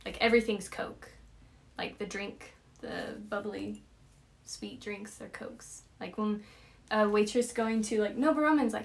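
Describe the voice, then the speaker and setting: A woman's voice: medium pitch, steady tone, a little slow, vocal fry. A woman from Indiana with an Indiana accent, hosting a casual chat and talking in a chatty way with many "likes". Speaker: host.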